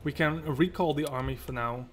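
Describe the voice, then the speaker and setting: With a fairly high voice and a slightly fast delivery, a man casually comments on his gameplay for a let's play. Loud game music plays as he rambles and talks to himself and to the game.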